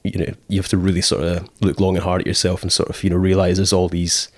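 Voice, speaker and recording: This Scottish man talks casually in a low, monotone voice, speaking fast with no echo. He rambles with plenty of fillers and acts out quoted thoughts as he tells stories.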